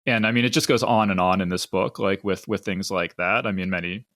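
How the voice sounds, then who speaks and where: A man's voice: sits low, steady tone, fairly quick, fairly bright tone, no echo, studio quality. A man hosting a podcast, talking conversationally with frequent restarts. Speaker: podcast host. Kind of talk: casual discussion.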